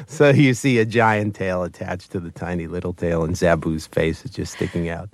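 A man who creates puppet shows, telling stories in a casual interview, animated and often laughing between his words. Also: low-pitched, no echo. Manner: animated, laughs often mid-sentence, quick restarts.

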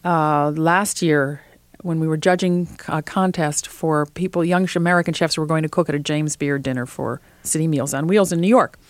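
A woman food writer as an interview guest, telling lively, opinionated stories in casual conversation. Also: deep voice, moderate pace, dry recording.

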